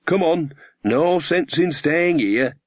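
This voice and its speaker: A man's voice: a little high, animated, slow, dry recording, pitched above the performer's own voice. Male reader as a gossipy old country witch woman, cheerful and earthy, a little raised, dull dry sound. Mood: breezy. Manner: chatty, homely, country-folksy.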